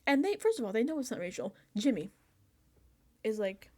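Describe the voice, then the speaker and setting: Excitable young woman recapping a show. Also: on the high side, moderate pace. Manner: animated storytelling, acts out reactions; chatty and excitable, laughs often. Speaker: reality show recap host. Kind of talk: casual reaction recap.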